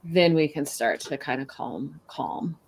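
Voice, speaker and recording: A woman's voice: sits low, animated, unhurried, a little mellow, husky. A woman guest on a podcast, explaining her ideas at length with everyday examples. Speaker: guest author. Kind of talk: podcast conversation.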